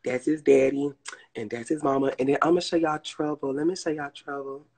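A man's voice: medium pitch, fairly quick, breathy edge. A man from Georgia, chatting casually and telling stories on a live stream. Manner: chatty, expressive storytelling.

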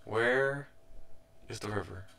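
A man's voice: fairly low pitch, slow, a bit bright. A young man hosting a let's play, giving rambling, casual commentary as he plays, often restarting his sentences and sounding mildly frustrated.

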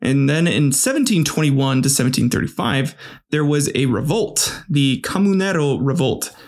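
A man's voice: medium pitch, expressive, normal speed. Irreverent man joking through history. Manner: irreverent, joking, stumbles over words. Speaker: comedy history podcast host. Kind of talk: casual comedic history narration.

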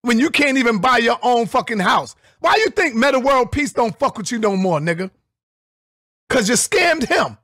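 A middle-aged man delivering an angry, profane call-out rant as a vlogger, confrontational and bursting into shouts. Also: very high voice, very animated, normal speed, no echo, clean studio sound.

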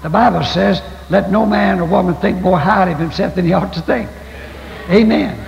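A man's voice: high-pitched, normal speed, gravelly, a little hiss or hum. An older man preaching a folksy, storytelling sermon as pastor. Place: church sanctuary. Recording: echoey church hall, dull lo-fi 1990s tape.

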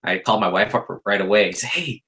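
A man in his thirties with a bright, forceful tone that sits a little low. He talks casually and tells stories on a podcast, with lots of ums and restarts. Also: racing, rough recording. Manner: relaxed, chatty storyteller with many fillers. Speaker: guest artist.

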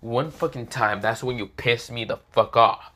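A man's voice: medium pitch, normal speed, bright, forceful tone. A man voicing a cranky, foul-mouthed teenage male devil who talks bluntly and swears a lot. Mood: angry.

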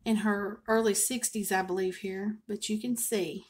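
An older woman, a home cooking vlogger chatting and telling a family story to camera in a folksy, expressive way. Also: medium pitch, normal speed.

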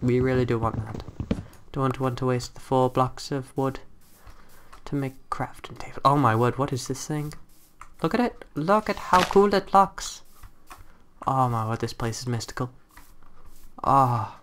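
Excitable young man playing a game. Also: medium pitch, clean tone. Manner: excitable, exclaims often, talks to game creatures. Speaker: gameplay commentator. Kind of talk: casual let's-play commentary. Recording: faint background hiss and typing clicks.

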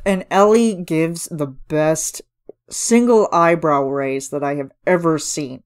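A woman's voice: low-pitched, slow pace. A woman hosting a casual solo podcast, chatting enthusiastically with lots of fillers and now and then singing lines of lyrics. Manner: chatty, gushing, filler-heavy, sings snippets of lyrics. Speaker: podcast host reviewing a cover song. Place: home room.

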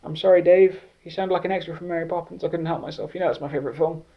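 A man's voice: fairly high pitch, fairly even intonation, rapid-fire, muffled recording, voice pushed up, close to an everyday voice. A man doing a sheepish, starstruck customs officer. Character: soft, starstruck male customs officer named Steve.

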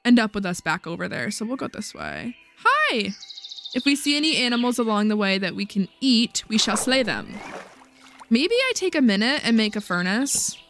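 A woman's voice: medium pitch, a bit bright, a little hiss or hum. A woman hosting a casual let's-play video, chatting playfully to herself as she plays. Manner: playful, chatty, talks to herself while playing. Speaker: gaming video host.

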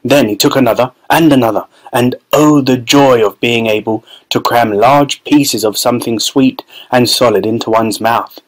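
A man narrating a children's novel as an audiobook in a steady, expressive storytelling voice. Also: mid-range voice, moderate pace, few pauses, poor audio. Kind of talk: scripted narration.

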